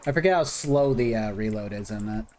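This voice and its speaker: A man's voice: lowish voice, a little fast, heavy background noise. A man streaming a video game, chatting casually with viewers and thinking aloud as he plays. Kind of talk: casual gaming commentary.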